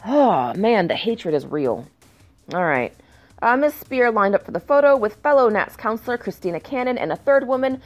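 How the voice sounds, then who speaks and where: A woman reads news aloud and cuts in with sarcastic, swear-filled commentary. Her pitch swings widely as she mocks what she reads. Faint music plays underneath. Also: lively intonation, moderate pace, highs cut off. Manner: sarcastic, swears often, shifts into mock outrage. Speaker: commentator reading news stories. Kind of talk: casual ranting commentary.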